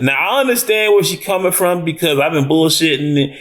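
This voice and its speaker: A man giving a casual, animated reaction review of a TV episode, talking in slang, swearing and restarting often. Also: fairly high pitch, fairly quick.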